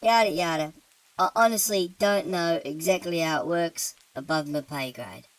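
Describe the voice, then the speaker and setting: A woman's voice: fairly low pitch, normal speed, dry recording, lightly acted, poor audio. A woman voicing a weary, easygoing male demon with a British accent who talks about his job in a casual, offhand way. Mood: laid-back. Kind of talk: horror-comedy story narration.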